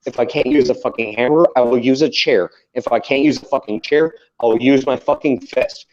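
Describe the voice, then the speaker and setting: A man's voice: medium pitch, fairly quick, darkish tone. A man co-hosting a podcast in casual chat, ranting heatedly and swearing constantly. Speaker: podcast co-host. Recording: dull lo-fi sound.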